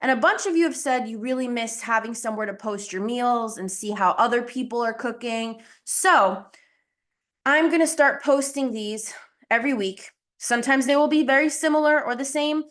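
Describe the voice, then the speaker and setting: A woman's voice: fairly high pitch, normal speed, fairly bright tone. A young adult woman hosting a video-call lesson, chatty and self-deprecating, a little out of breath. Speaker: coach hosting a group call. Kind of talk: casual live teaching call.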